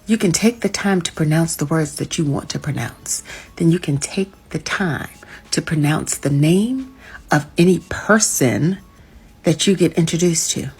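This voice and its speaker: A woman's voice: deep voice, unhurried, a little mellow, breathy edge. A woman delivering a pointed, scolding rant in a reaction video.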